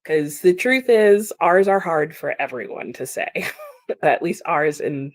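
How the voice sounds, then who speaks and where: A woman's voice: low-pitched, animated, slow, no room sound. A woman hosting a casual livestream, chatting about chat comments with frequent laughs and lots of "like" fillers.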